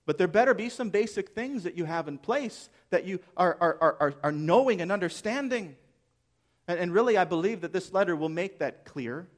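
A man delivering a sermon in a slightly high, earnest voice. He preaches emphatically and poses rhetorical questions, letting key phrases land slowly. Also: animated. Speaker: pastor.

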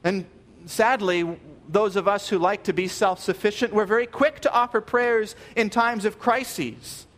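A man delivering a sermon in a notably high voice. He speaks earnestly and with emphasis, repeating key phrases. His phrase endings drop low and soft. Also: fairly even intonation, a little slow. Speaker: pastor.

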